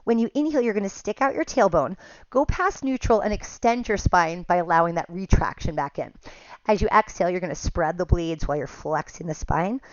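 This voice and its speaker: A woman teaching a pilates class, giving calm step-by-step cues and counts, a little out of breath at times. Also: lowish voice, a little fast, no room sound, highs cut off. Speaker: pilates instructor. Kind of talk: guided exercise class cues.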